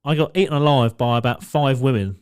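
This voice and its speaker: A man's voice: medium pitch, brisk, smooth. Man telling a rowdy story. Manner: swearing, animated anecdote-telling with quoted voices. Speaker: podcast co-host. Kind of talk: casual chat, storytelling.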